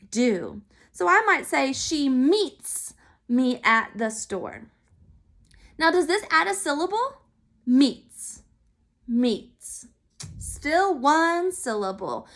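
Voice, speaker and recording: Woman, phonics teacher, high voice, slow careful sounding out. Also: a bit bright. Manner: slow, clearly sounded out letters and syllables. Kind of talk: phonics lesson for young children. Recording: recorded for remote learning.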